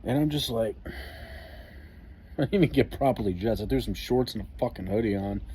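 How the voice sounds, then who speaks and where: Laid-back man, mellow low voice. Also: normal speed, slight background noise. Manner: profane, wry, laid-back. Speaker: army veteran storyteller. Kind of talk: casual storytime vlog.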